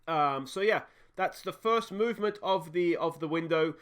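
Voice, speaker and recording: A man's voice: on the high side, moderate pace, a bit bright, clean tone. An Australian man hosting a baseball management let's play, musing aloud in a chatty, friendly way. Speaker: gaming channel host. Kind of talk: casual let's-play commentary.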